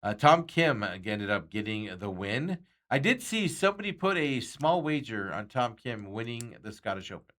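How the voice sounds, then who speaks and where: A man's voice: mid-range voice, sing-song, moderate pace, fairly bright tone. A man hosting a sports talk show, chatting casually and rambling with frequent chuckles.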